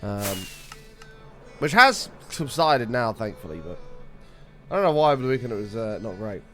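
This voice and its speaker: A young man hosting a casual gaming live stream, greeting viewers by name and chatting with excitable bursts, his voice slightly rough. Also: mid-range voice, normal speed, faint music behind.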